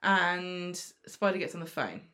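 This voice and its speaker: A woman recapping a soap episode in relaxed chat. She slips into quick impressions of the characters, her voice rising and dropping as she gets carried away. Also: on the low side. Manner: animated, acts out characters' lines in quick impressions.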